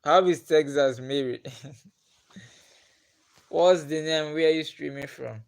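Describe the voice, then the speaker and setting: A young man with a Nigerian accent hosts a casual live stream, reading out viewers' names and chatting with them. He talks at an easy, drawn-out pace in a slightly high voice and laughs often between questions. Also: creaky. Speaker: livestream host.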